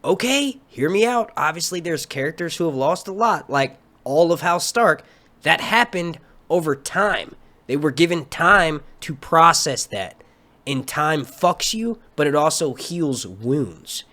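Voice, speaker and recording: A young man hosting a live stream, ranting casually and excitably about a TV episode, swearing often and wandering off into run-on asides. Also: fairly high pitch, measured pace. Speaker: livestream host reviewing a TV episode.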